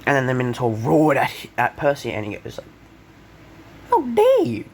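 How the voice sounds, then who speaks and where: A young man casually retelling an invented fan story, rambling with many fillers and self-corrections, coughing and clearing his throat now and then. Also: mid-range voice, fast, a little hiss or hum.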